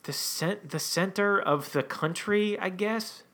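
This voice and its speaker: A man's voice: sits high, takes it slowly, sharp tone. A man co-hosting a podcast in casual chat, giving wry, grumbling opinions. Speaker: podcast co-host.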